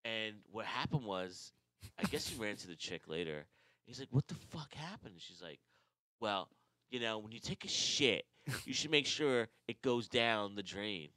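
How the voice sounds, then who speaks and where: A man from New York co-hosting a podcast, telling profane, animated stories with bursts of laughter. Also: fairly low pitch, normal speed, no room sound. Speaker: podcast co-host. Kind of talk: crude casual storytelling.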